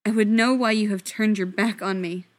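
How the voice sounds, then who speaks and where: A woman's voice: medium pitch, steady tone, brisk, no room sound, close to an everyday voice. Woman reading as a stiff, bitter dwarf prince. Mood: formal. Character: young male dwarf prince, formal and bitter.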